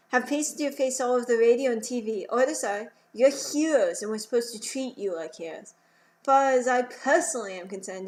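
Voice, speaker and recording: A woman reading as a brisk police sergeant. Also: on the high side, close to an everyday voice. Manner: brisk, matter-of-fact. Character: brisk male police sergeant giving orders.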